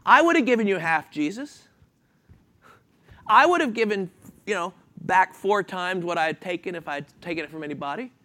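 In a brisk, high-pitched voice, a preacher fires questions at the congregation and answers them himself. He's animated and chuckles often.

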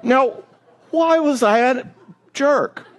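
A man's voice: very high voice, slow, a faint crowd. A middle-aged man giving a church marriage seminar, a joking, self-deprecating storyteller. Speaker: marriage speaker.

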